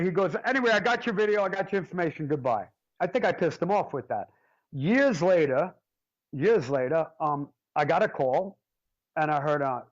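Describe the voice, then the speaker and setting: A man, a drummer being interviewed, telling stories in a casual, animated and jokey way and swearing freely. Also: a little high, lo-fi sound. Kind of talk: casual storytelling.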